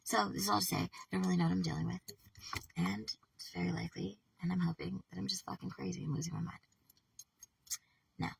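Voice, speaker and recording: A woman with a deeply gravelly, rough and breathy voice, talking to camera in a meandering personal vlog. She swears freely, breaks off mid-sentence and slips into whispers. She sits back from the mic in a dry, dead-sounding room. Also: fairly even intonation, far from the mic. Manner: halting, profane, trails off, drops to whispers. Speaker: vlogger. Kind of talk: rambling personal monologue.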